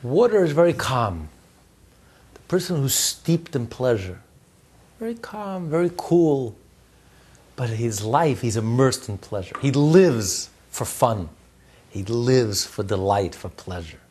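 A husky-voiced man teaching a religious class. His delivery is animated, rising and falling in volume, with frequent chuckles and repeated words as he works through an idea. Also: mid-range voice, slow.

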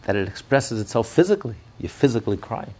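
A man's voice: fairly low pitch, very animated, fast talker, darkish tone. A man giving an impassioned sermon as a rabbi, often restarting his words as he searches for them.

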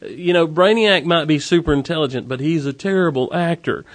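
A man hosting a podcast, casually recapping a TV episode with animated, wry asides. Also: fairly high pitch, a little fast, no echo.

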